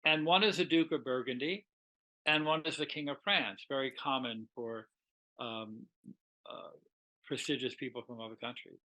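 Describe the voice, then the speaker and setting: A man lecturing on literature in a relaxed, talkative way, acting out bits of dialogue as he goes. His voice is bright and has an edge. He sits at a middling pitch for a man. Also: moderate pace, low-quality recording. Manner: animated, conversational retelling with quoted dialogue.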